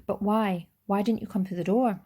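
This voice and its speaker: A woman's voice: mid-range voice, steady tone, normal speed, dark tone, slightly rough, natural voice. A woman voicing a stubborn young girl who fires off raised, pressing questions. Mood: indignant.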